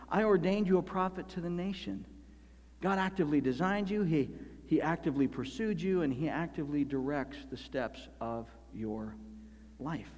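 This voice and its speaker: A man preaching a sermon as pastor, animated and emphatic, slowing down to stress key phrases. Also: a little high. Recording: long hall reverb.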